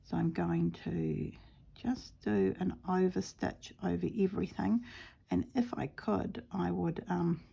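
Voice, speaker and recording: A woman hosting a casual embroidery tutorial, talking softly to herself and often half-whispering as she works. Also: fairly low pitch, fairly even intonation, a little slow, vocal fry, husky. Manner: soft, often half-whispered self-talk while stitching; chatty and rambling with fillers. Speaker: embroidery stitch-along host.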